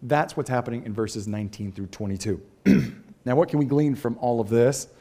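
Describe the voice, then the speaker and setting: A male pastor with a drawl delivers a sermon in an easy, talky manner. His voice jumps up for emphasis, then drops low for wry asides. He clears his throat from time to time. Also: moderate pace, dark tone.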